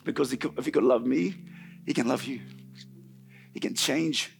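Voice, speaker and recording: A middle-aged man preaching a sermon in church, telling a personal story with animated swings from loud to hushed. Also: mid-range voice, normal speed, creaky, faint music behind. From New Zealand.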